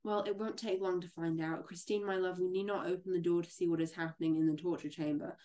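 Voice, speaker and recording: A menacing, possessive masked man speaks, as a woman reads his lines from a gothic novel. The voice is low and flat with a dark, mellow tone. The lines are read aloud from the page, a little louder than her chat. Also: fast, lightly acted.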